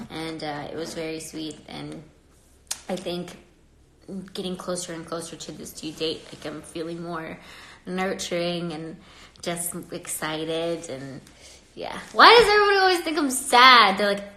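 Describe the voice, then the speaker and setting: Her medium-pitched voice echoes around the room as this young woman hosts a casual livestream. Pregnant and slightly stuffy, she chats and rambles with viewers, laughing a lot and getting animated when annoyed.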